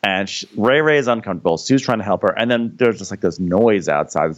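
Lively low-voiced man, dull audio. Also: brisk. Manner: casual, slips into mock character voices. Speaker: podcast co-host. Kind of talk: comedic TV recap chat.

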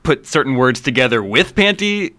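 A man's voice: medium pitch, very animated, moderate pace, pushed and bright, no room sound, studio quality. A man on a casual podcast, rambling and curious, peppering his talk with "like". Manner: rambling, full of "like", curious questions. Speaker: podcast guest.

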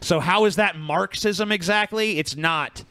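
A man tears into his critics in blunt, profane rants. His voice is high, bright and gravelly, recorded dry and close to the mic. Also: measured pace, no echo. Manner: blunt, profane, combative ranting. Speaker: podcast co-host. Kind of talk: profane casual chat.

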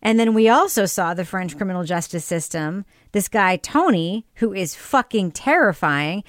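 Woman hosting a chatty podcast, gets animated, voice jumps way up when she asks stuff, dry sound. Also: moderate pace, dry recording. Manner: animated, pitch leaping up on questions. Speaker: podcast host. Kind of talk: casual discussion of a TV series.

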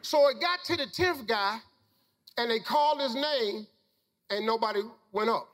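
Man with a very high-pitched storyteller voice. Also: animated, measured pace, a bit bright, big-room sound. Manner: folksy, preacher-like storytelling with Southern Black vernacular. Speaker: motivational speaker. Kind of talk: storytelling talk to a live audience.

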